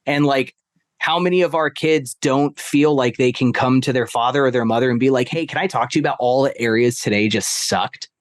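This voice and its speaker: A man's voice: medium pitch, fairly quick, no room sound, studio quality. A man in casual storytelling, a stepfather talking about his family, rambling with many fillers. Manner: rambling, heavy on fillers like "like" and "right?". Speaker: podcast guest.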